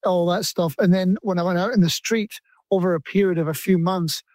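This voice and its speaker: A man's voice: high voice, fairly even intonation, fairly quick, a little mellow, dry recording. An older Scottish man, a musician guest in an interview, talking in a reflective way with many restarts. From Scotland. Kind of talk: relaxed conversational interview.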